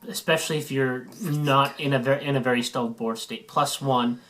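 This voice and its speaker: A woman as a guest in a casual card-game chat, confident and explaining her choices calmly. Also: extremely low pitch, normal speed. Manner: confident, explains with calm reasoning.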